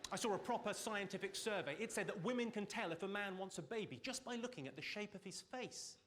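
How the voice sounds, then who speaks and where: A man doing live stand-up comedy on stage, teasing the audience with quick deadpan insults. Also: high-pitched. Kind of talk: live stand-up with crowd work. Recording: loud audience laughter and noise.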